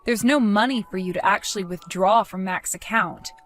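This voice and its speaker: A woman in a dramatized story, speaking as a wronged fiancée, calm, cold and accusing, over faint music. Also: medium pitch, moderate pace. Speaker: wronged fiancée telling her side.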